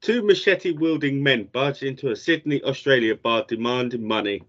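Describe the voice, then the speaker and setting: A man, co-hosting a podcast, dry and deadpan as he tells a news story. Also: mid-range voice, moderate pace, dull audio. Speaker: podcast co-host. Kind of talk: casual storytelling.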